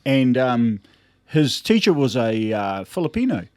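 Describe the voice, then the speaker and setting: A man with a New Zealand accent hosting a casual podcast, relaxed and encouraging, often saying bro. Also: mid-range voice, a little slow, dry recording, studio quality. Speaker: podcast host. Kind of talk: casual interview chat.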